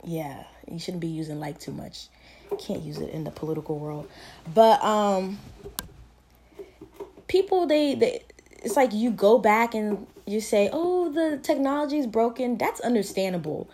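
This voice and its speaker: A woman's voice: mid-range voice, a little slow, mellow, slight background noise. A young woman in college hosting a casual solo podcast, rambling and self-mocking, full of fillers. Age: young adult. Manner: chatty, rambling, self-deprecating with frequent fillers. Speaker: podcast host.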